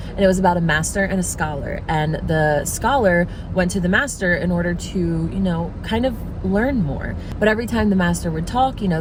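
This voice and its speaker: A young woman vlogger in casual reflective chat, talking in an earnest, musing way and stretching words out for emphasis. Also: on the low side. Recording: noisy background.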